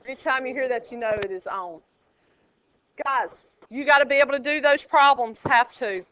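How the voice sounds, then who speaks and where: A woman's voice: high voice, normal speed. A woman math teacher, teasing and joking with her students while working problems in a classroom. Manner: sassy, teasing and lively with students. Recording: dull lo-fi classroom recording.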